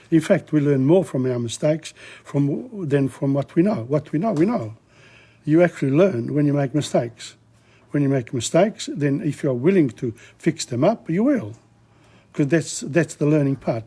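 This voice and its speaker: Rambling older man teaching, husky voice. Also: a little high, warm tone. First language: Italian. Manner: rambling, repetitive, many fillers and restarts. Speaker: language teacher. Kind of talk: casual spoken lesson.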